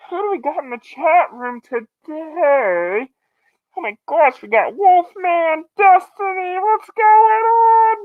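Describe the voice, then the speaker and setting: A man voicing a squeaky, hyperactive male alter ego who crashes the stream, loud and pushy. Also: narrow, tinny audio, heavily acted. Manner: shrill, excitable, pushy.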